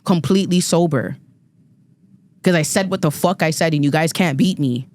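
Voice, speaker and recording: A woman's voice: low voice, moderate pace, darkish tone. A woman in her thirties on a podcast panel, delivering a heated, profane rant with emphatic repeats and stumbles. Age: 30s. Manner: ranting, emphatic, profane, repeats words when fired up. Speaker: guest panelist.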